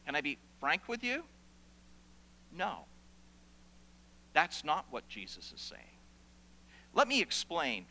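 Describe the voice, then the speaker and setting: A man preaching a sermon as pastor in a church, animated and playful with asides to the congregation. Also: high-pitched. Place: church sanctuary. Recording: long hall reverb.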